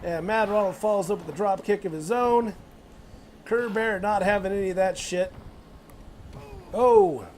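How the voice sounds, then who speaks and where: Young man, high voice, wrestling play-by-play, excitable, sudden loud outbursts, faint room hum. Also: measured pace, long pauses. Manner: excitable, swears and laughs, sudden loud exclamations. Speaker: wrestling commentator. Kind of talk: play-by-play commentary on a video game wrestling match.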